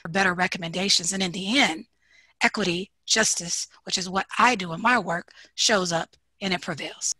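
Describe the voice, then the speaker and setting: Woman from Detroit, confident and emphatic, bright clear voice, dry sound. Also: fairly low pitch, normal speed, dry recording, poor audio. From Detroit, United States. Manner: confident, emphatic, building repetition. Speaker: interviewee. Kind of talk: documentary interview.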